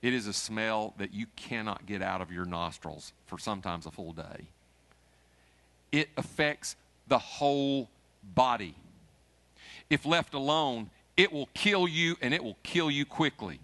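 A middle-aged man preaching a sermon as pastor, folksy and emphatic, mixing jokes with rising, forceful peaks. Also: medium pitch, lively intonation, a little slow.

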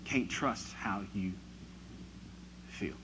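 A man preaching a sermon who moves from quiet, reflective passages to loud, emphatic ones. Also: fairly low pitch, extremely slow, background noise.

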